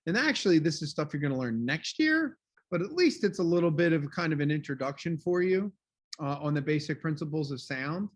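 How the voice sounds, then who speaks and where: A man leads an online class review over a video call. His voice sits a little high, and his delivery is loud and casual. He keeps checking in with "okay?" and fills gaps with "um.". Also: expressive, a little fast. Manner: loud, filler-heavy, casual. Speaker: teacher.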